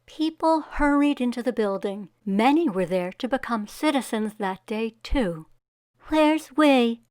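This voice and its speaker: A woman reading a children's picture book aloud, giving the characters voices and pausing to ask young listeners what will happen next. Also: fairly high pitch, dry recording, clean studio sound.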